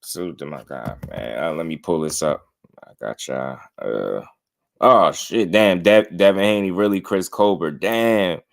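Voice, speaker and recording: Casting: low-voiced man, relaxed livestream host chatting with viewers. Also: a little slow, creaky. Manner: laid-back, laughing, talks to chat. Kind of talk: casual livestream commentary.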